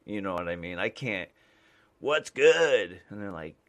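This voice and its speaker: A man's voice: low voice, steady tone, fast, a bit bright. A man from the United States, a mailman and podcast host, rambling casually with lots of fillers and restarts.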